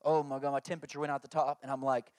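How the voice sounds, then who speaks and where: A man's voice: mid-range voice, flat delivery, racing, no room sound. A man, preaching a sermon through jokey family stories and acted-out quotes. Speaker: pastor.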